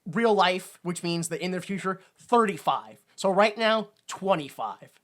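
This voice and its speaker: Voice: mid-range voice, measured pace. A podcast co-host recapping a movie in casual chat, acting out the characters' lines in put-on voices. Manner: animated retelling, acts out quotes in put-on voices.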